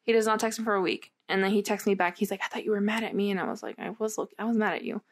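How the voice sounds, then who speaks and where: A woman's voice: mid-range voice, steady tone, rapid-fire. A young adult woman telling a candid personal story in casual chat, rambling and filling her talk with "like". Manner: rambling, heavy use of "like", candid and swearing.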